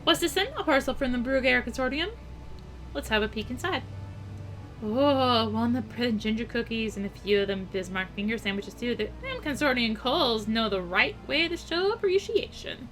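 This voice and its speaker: A woman voicing a gruff, tough-talking nun who guards a convent door and speaks in rough slang. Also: a little high, lively intonation, normal speed, fairly bright tone, faint music behind, poor audio. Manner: blunt, rough slangy speech.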